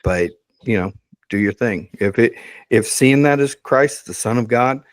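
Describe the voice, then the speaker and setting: A man co-hosting a Bible podcast, speaking in a measured, reassuring way with frequent ums. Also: medium pitch, no echo. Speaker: podcast co-host. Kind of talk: casual podcast discussion.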